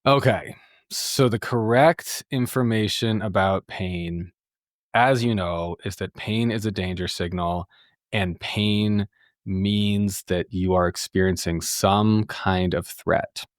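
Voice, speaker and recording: Candid low-voiced man hosting a podcast. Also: takes it slowly, no echo, studio quality. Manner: chatty, candid, peppered with "like" and swearing. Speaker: therapist and podcast host. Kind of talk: casual solo podcast talk.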